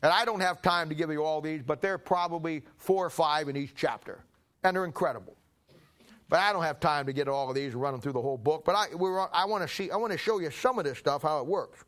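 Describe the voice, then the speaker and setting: An older man preaching a sermon, telling folksy stories and clearing his throat often. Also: on the high side, fast talker, a bit bright. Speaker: pastor. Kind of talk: sermon with personal anecdotes.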